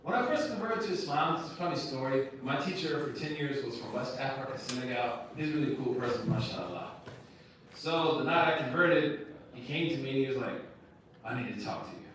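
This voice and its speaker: A man's voice: mid-range voice, a little fast, fairly bright tone, a little hiss or hum. A man, an imam, giving a casual lecture to students, talking directly and conversationally with slang and rhetorical questions. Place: university lecture room. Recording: echoey room, picked up from a distance.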